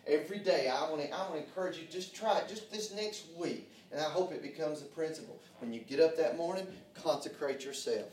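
Man, high-pitched preacher, loose and folksy, hushed to shouted, roomy sound from off mic. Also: fairly quick, few pauses, recorded from a distance, a little hiss or hum. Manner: preaching with big swings in volume, from hushed to shouting; fillers like "hey, man" and "uh". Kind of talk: sermon. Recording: echoey room, voice from off mic.

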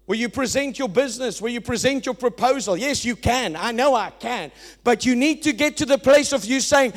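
Pastor, high voice, emphatic sermon delivery that swells and drops. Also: male voice, moderate pace. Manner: emphatic preaching, swings from loud to quiet.

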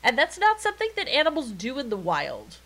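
Excitable woman chatting on a podcast. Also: high-pitched, fairly quick. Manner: excited, swears freely, laughs often. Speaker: podcast co-host. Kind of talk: casual chat.

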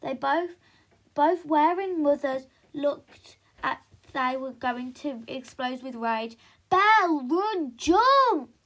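A woman reading a children's story aloud, animated and adding sound effects, sometimes stumbling over the words. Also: sits high, slow pace. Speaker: reader.

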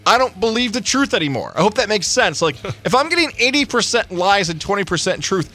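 A man's voice: sits high, big pitch swings, a little fast, sharp tone, soft background music. A man hosting a sports talk radio show, chatting in an easygoing way and reading a live sponsor spot.

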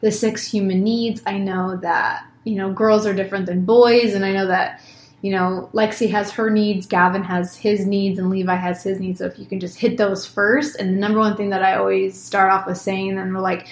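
A woman in her thirties talks openly on a podcast, lively and blunt, swearing casually. The room gives her voice a clear echo. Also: medium pitch, brisk. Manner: candid, lively, swears casually, acts out her own words. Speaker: podcast co-host, mother. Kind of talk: casual conversation.

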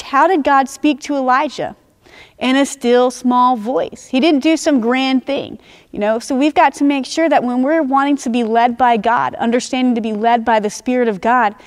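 A woman preaching a sermon in an earnest teaching manner, slowing down to stress key phrases. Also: high-pitched.

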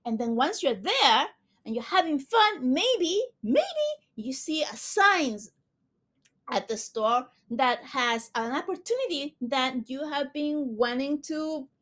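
A woman hosting a podcast, giving an earnest, gushing motivational talk on manifesting, speaking quickly. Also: sits high, sing-song, a bit bright. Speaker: podcast host.

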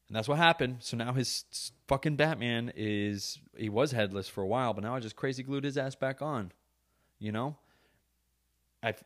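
A man in his thirties hosting a podcast, ranting casually in a rambling, profane, joking way. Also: medium pitch. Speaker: podcast host. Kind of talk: casual rant. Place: podcast studio.

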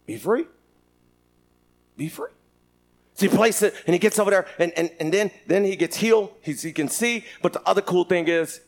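High-voiced animated male preacher. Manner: animated, shouting at peaks, laughing. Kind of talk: sermon.

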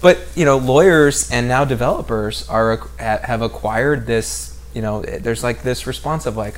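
A man's voice: medium pitch, normal speed, hardly any pauses, crowd noise. A man from San Diego in casual podcast conversation, talking in long rambling runs full of fillers and restarts. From San Diego, California.

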